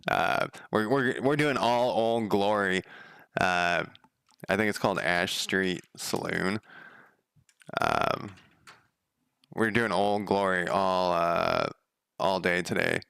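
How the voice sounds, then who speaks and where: A man's voice: takes it slowly, gravelly, pauses often, clear, resonant tone, no room sound. A man streaming his game coding, chatting casually and swearing freely as he rambles through a story. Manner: loose, profane storytelling with frequent fillers; gets louder and higher when quoting others. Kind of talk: casual rambling livestream chat.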